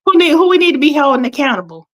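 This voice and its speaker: A woman co-hosting a casual livestream chat, animated and swearing as she talks. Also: very fast. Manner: animated, swears, exclaims in a high voice. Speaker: livestream co-host.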